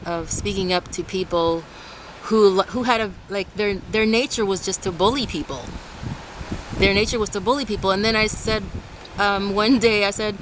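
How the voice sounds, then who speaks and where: A woman from Ecuador vlogging casually outdoors in the rain and wind, rambling and restarting her sentences. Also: medium pitch. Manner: rambling, restarts often, animated when quoting others. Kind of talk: casual talk to camera. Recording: faint outdoor traffic noise.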